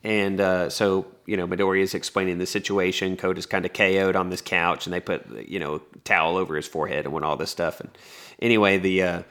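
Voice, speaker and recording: Male podcast co-host, very low voice, wry rambling anime recap. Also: flat delivery, fast, fairly bright tone. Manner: rambling, wry, frequent restarts. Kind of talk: casual anime recap chat.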